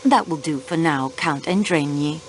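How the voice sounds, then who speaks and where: An actress playing a young railway clerk turned investigator in a mystery video game, polite but insistent in questioning. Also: female voice, sits low, normal speed, a little hiss or hum, close to an everyday voice, low-quality recording. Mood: poised, probing. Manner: poised, probing, politely insistent.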